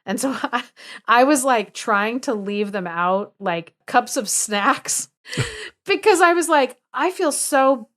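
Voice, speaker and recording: A young woman co-hosting a podcast, casually retelling a fairy tale with lots of fillers, laughter and animated asides. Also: on the high side, takes it slowly. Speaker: podcast co-host.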